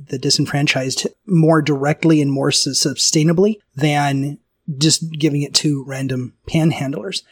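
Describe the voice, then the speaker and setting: A man hosting a casual talk, telling a personal story in an animated way, often restarting his sentences. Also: fairly high pitch, no room sound. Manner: animated, self-interrupting storyteller with frequent restarts and laughs. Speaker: podcast host.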